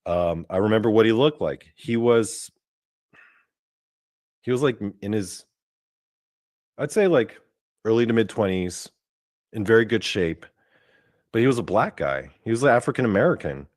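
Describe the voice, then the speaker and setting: A young man with a lowish voice tells a long story in loose, casual talk, stacking fillers and the odd curse as he goes. The sound is dry and close, with no room around it. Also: animated, normal speed, long pauses, a little mellow, dry recording. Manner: rambling, full of "like" fillers and cursing. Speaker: podcast host.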